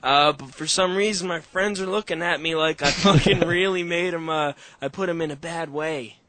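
A man's voice: fairly high pitch, moderate pace, bright, forceful tone. A man in a casual chat with friends, joking, swearing freely and laughing often.

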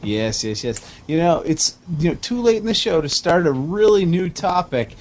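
A man co-hosting late-night comedy radio with a dry, deadpan delivery. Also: fairly high pitch, normal speed. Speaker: radio co-host.

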